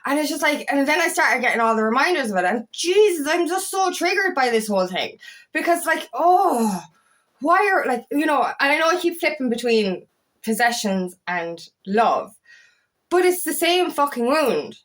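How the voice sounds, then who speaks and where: A woman's voice: sits high, sing-song, moderate pace, fairly bright tone. A young adult woman coaching viewers in casual talk to camera, blunt and heated, swearing often as she rants. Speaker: feminine empowerment coach.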